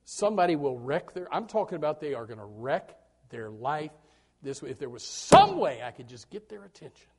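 A man preaching a sermon in a folksy, joking way, dropping to quiet asides and then breaking into loud shouted bursts, often repeating words as he starts a thought. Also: on the high side, huge pitch swings, a little fast. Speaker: pastor.

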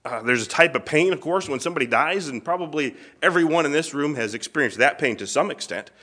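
Middle-aged man, pastor; crisp bright tone; reads scripture then preaches with feeling, clearing his throat now and then. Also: a little high, lively intonation, fast. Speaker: pastor teaching a church class. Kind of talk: sermon with scripture reading. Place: church room.

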